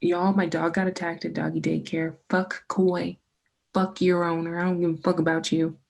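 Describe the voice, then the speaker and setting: A young woman on a podcast as a guest, chatting casually and telling animated stories full of swearing. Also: fairly low pitch, moderate pace, gravelly. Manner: animated, profane storyteller. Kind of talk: casual chat.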